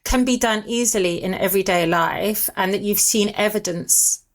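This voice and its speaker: A woman's voice: medium pitch, moderate pace. A woman hosting a podcast interview, asking questions in a chatty, playful way. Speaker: podcast host.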